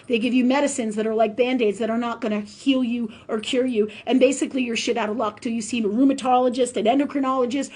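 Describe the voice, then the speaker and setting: A woman in her fifties with a high voice, hosting a live spiritual talk stream. She rants with angry, profane emphasis. She keeps retelling conversations in an animated way. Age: 50s. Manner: quotes others in animated retellings.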